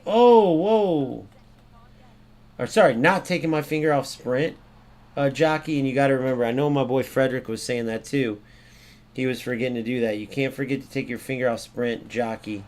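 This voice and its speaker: A young American man gives live commentary over his own football video game matches. He swears freely and swings from muttered asides to sudden loud outbursts. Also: mid-range voice, steady tone, brisk. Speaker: gaming YouTuber.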